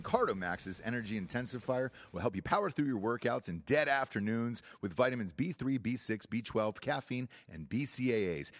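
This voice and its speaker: Loud, emphatic man reading an ad. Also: medium pitch. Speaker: ad reader. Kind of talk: energetic ad read.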